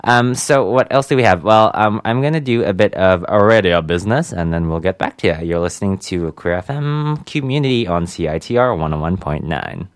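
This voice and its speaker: A man's voice: low voice, expressive, a little fast, few pauses, smooth. A man hosting a community radio show, chatting casually and giggling with lots of ums.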